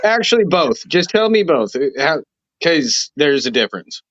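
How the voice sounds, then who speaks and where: A man's voice: a little high, sing-song, moderate pace, fairly bright tone, no echo. A man in casual podcast chat, swearing offhandedly as he makes his point. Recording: dull, muffled mic.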